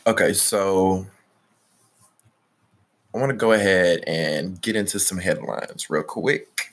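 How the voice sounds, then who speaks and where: A man's voice: deep voice, slow, fairly bright tone. A young man from Alabama hosting a podcast in casual chat, opinionated, swearing and trailing off mid-sentence. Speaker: podcast host.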